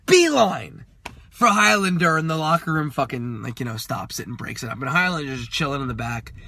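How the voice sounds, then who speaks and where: High, bright-voiced man telling a story. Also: brisk, creaky. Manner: animated, profane storyteller. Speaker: podcast co-host. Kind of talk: casual storytelling chat.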